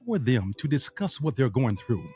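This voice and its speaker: A man's voice: medium pitch, very animated, moderate pace, dark tone, soft background music. A man giving a direct, preachy motivational talk to other men, speaking bluntly with street slang and swearing. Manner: preachy, direct, addresses listeners as family and fellas. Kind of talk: motivational monologue.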